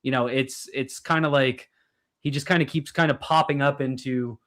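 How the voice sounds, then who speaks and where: A man co-hosting a sports podcast, giving blunt, frank opinions with halting restarts. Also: medium pitch, steady tone, a bit bright. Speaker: podcast co-host. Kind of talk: casual sports roundtable chat.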